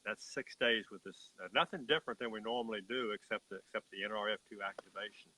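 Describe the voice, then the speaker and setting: A man's voice: on the low side, fast talker, pushed and bright, rough recording. A man, a horse breeder, telling a story in an emphatic, folksy way during an interview.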